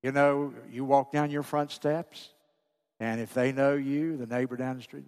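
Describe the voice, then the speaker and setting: A pastor preaching a sermon to his congregation, pleading with fervor, then dropping to a hushed voice. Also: medium pitch, fairly even intonation, measured pace, clear, resonant tone. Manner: impassioned, pleading preacher who drops to a hushed voice. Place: church sanctuary. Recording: long hall reverb.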